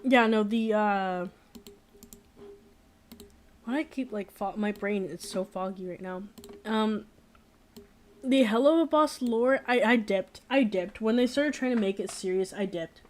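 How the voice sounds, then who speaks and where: A young woman talks casually at a middle pitch, wandering through her thoughts with plenty of fillers and restarts. She is blunt and opinionated about what she likes and doesn't. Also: unhurried, long pauses, slight background noise. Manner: rambling, frequent fillers and restarts. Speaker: streamer. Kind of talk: casual chat.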